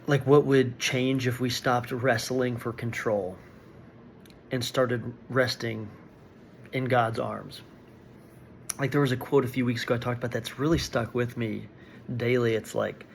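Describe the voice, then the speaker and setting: A man's voice: medium pitch, steady tone, a little slow, gravelly, a little hiss or hum. A man giving an earnest, reflective daily devotional talk and reading scripture aloud. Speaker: devotional speaker.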